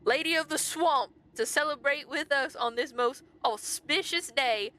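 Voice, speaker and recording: A woman doing a gruff castle guard. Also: sits high, unhurried, bright, forceful tone, voice pushed up. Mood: flustered. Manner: blunt, dismissive, stumbling. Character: gruff male castle guard, rude then flustered.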